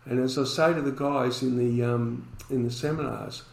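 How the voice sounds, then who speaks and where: A man's voice: medium pitch, fairly even intonation, moderate pace, vocal fry, echoey room, low-quality recording. A man, a podcast guest telling a story and acting out the dialogue in it.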